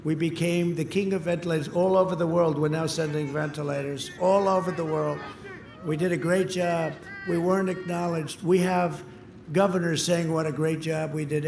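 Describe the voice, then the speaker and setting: A man giving a campaign rally speech in short, punchy, repeated phrases, sometimes breaking into shouts, recorded outdoors through an echoing PA. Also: fairly high pitch, steady tone, normal speed, creaky, a little hiss or hum. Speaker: political speaker at a rally. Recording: echoey outdoor PA sound with crowd. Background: cheering crowd.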